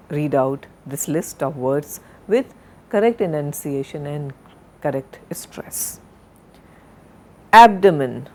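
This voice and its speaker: Slow, deliberate woman lecturer. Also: on the low side. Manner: slow, deliberate, spells out and repeats words. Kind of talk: recorded university lecture.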